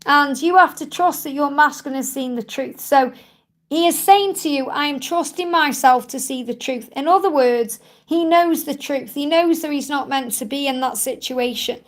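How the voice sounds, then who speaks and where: A woman's voice: high voice, moderate pace. A woman hosting a live stream, reading tarot cards for viewers in a soothing, reassuring way. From England. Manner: soothing, reassuring, repeats "okay?" and "so".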